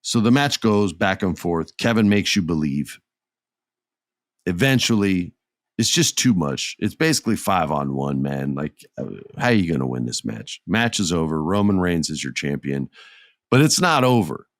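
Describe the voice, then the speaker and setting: A man with a fairly low voice tells the story of a wrestling show in a loose, chatty way, acting out the lines of people he describes. The sound is dry and close, with no room around it. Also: moderate pace, dry recording. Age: adult with children. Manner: animated storyteller who acts out quotes. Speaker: podcast host. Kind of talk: casual wrestling recap.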